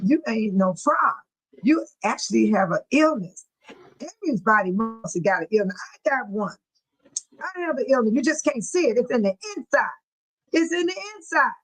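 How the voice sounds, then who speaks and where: A woman's voice: fairly high pitch, animated, moderate pace, slightly rough, rough recording. A middle-aged woman, hosting a casual livestream chat, laughing often and reading out viewer comments. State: laughing to tears. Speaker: livestream host.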